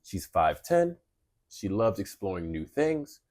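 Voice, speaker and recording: A man's voice: low-pitched, sing-song, takes it slowly, darkish tone. A man co-hosting a casual comedy podcast, sarcastically reading and mocking dating profiles. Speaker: podcast co-host.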